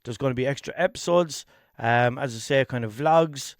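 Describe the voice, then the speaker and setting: A man's voice: mid-range voice, moderate pace, no echo, clean studio sound. Rambling Limerick-accented podcast man. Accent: Irish, Limerick. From Ireland. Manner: rambling, self-mocking, swears casually. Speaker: podcast host. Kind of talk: rambling solo comedy chat.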